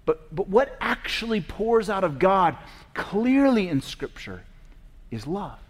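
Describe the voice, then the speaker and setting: A man gives an earnest faith teaching, pressing his main points and slowing right down on each of them. His voice sits a little higher than most men's, and a long reverb trails behind every phrase. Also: very animated. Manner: earnest, emphatic, slows down on key phrases.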